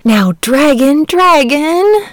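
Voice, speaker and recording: A woman voicing an excitable young village boy who talks eagerly and pleads. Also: medium pitch, moderate pace, no room sound, close to an everyday voice. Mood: pleading.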